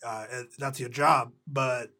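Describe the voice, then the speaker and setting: A man co-hosting a casual tech podcast, talking haltingly with many restarts and fillers. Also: medium pitch, fairly even intonation, sharp tone. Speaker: podcast co-host.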